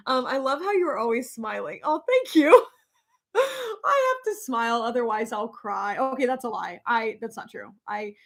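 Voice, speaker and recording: A woman's voice: a little high, a bit bright. A young woman hosting a casual live chat, rambling with many fillers and laughing often. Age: young adult. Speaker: livestream host reading comments.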